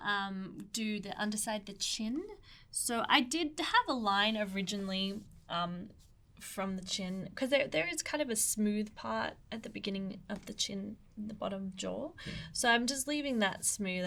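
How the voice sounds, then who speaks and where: A young Australian woman, an artist, talks through an ink drawing in a rambling, chatty way, full of fillers and asides, sometimes trailing off into soft murmurs as she concentrates. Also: mid-range voice. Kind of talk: casual drawing tutorial.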